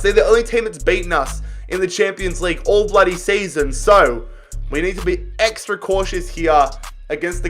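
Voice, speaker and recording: A young man giving casual gameplay commentary, excitable, swearing freely and calling his viewers lads. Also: on the high side. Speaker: gaming YouTuber.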